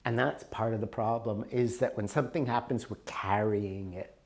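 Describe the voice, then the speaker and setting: A man's voice: lowish voice, moderate pace, gravelly, a little mellow. A man teaching a self-help workshop in an emphatic, conversational way. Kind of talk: recorded workshop talk.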